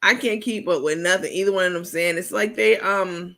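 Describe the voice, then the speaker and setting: Gravelly, sassy woman hosting a late-night stream. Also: mid-range voice, bright, forceful tone. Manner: sassy, salty, quick to laugh; reads and answers viewer comments. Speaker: livestream host. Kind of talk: casual late-night livestream chat.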